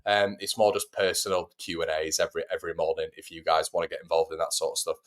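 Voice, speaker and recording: A young man with a low, level voice talks fast as he hosts a fan channel's live stream from home. He chats casually and answers viewer messages.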